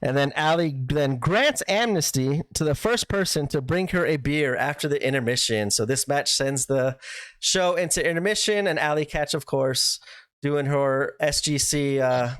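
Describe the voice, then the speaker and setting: A man co-hosting a podcast, recapping events in a lively way and acting out what people said. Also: a little high, moderate pace, smooth, dry recording. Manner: animated storytelling, acts out quotes. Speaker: podcast co-host.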